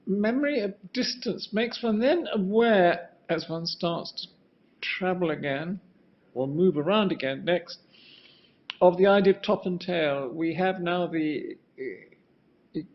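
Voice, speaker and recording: A man's voice: sits high, creaky. Older man musing through a slide lecture. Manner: musing, rambling, repeated restarts, calls for the next slide. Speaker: architect giving a lecture. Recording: muffled lo-fi sound.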